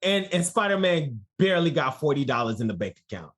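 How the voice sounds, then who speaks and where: A man leading a casual podcast, joking with his co-hosts. His voice is slightly high and swings widely in pitch as he laughs. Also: sing-song, a little fast, over a noisy crowd. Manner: playful, laughs a lot. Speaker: podcast host. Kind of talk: casual chat.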